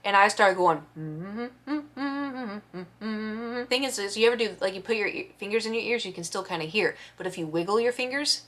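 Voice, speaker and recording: A woman vlogger telling a story in casual chat, expressive and acting out the quotes. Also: medium pitch, fast, few pauses. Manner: chatty, expressive storyteller who acts out quotes.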